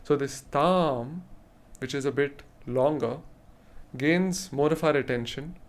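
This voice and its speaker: A man's voice: medium pitch, unhurried. A man teaching rhythm in an online lesson, explaining patiently and chanting rhythm syllables to demonstrate. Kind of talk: spoken lesson with vocal rhythm demos.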